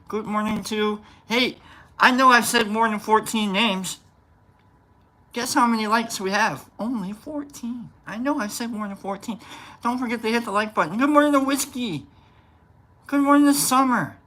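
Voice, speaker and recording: A man's voice: very high-pitched, moderate pace, sharp tone. A man hosting a casual morning livestream, greeting viewers one by one by name and rambling loosely. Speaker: livestream host.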